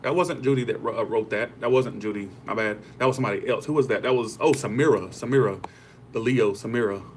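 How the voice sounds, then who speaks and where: A man's voice: mid-range voice, fast, a little hiss or hum. A young man hosting a tarot livestream, chatting casually with viewers, rambling and swearing freely.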